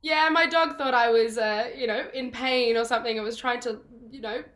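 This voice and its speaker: Young actress, bright-voiced and bubbly, chatty guest over video call. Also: female voice, a little high, moderate pace, slight background noise. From Australia. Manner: bubbly, laughing storyteller. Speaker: guest, musical theatre actress. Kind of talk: casual interview chat.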